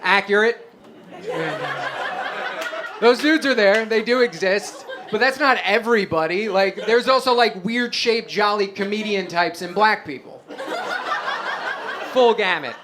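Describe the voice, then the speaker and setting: A man from Staten Island doing a stand-up comedy set in a club, wry with deadpan asides. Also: high-pitched, a little slow, long pauses, a crowd in the background, noisy background. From Staten Island, New York.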